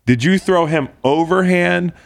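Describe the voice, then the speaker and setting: A man's voice: on the high side, unhurried, vocal fry. A younger man hosting a casual interview, asking playful questions like an eager fan and laughing often. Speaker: podcast host.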